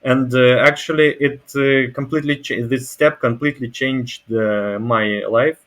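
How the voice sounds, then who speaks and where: A man's voice: mid-range voice, fairly even intonation, measured pace, a bit bright. Russian guy practicing english on a video call, lots of uhs and restarts. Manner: hesitant, many fillers and restarts. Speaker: language exchange partner. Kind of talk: casual conversation.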